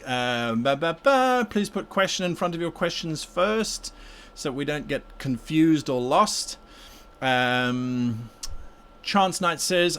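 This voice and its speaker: A man's voice: fairly high pitch, animated, takes it slowly, fairly bright tone, smooth. A man hosting a live stream and answering viewer questions about game mastering, talking casually and rambling with restarts and repeated words while he paints. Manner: talks while painting miniatures.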